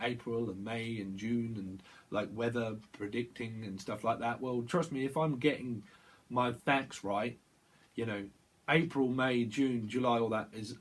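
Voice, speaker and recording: A man's voice: mid-range voice, breathy edge. A man giving a rambling tarot reading, talking to himself, repeating words and breaking off mid-thought. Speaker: tarot reader.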